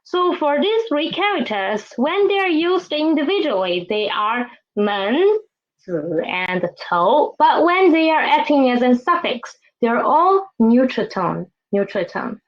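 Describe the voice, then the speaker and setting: A woman's voice: high-pitched, very animated, lo-fi sound. A woman with a Mandarin Chinese accent teaching a language lesson, patiently modeling words for students to repeat. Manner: slow, patient, modeling tones for repetition.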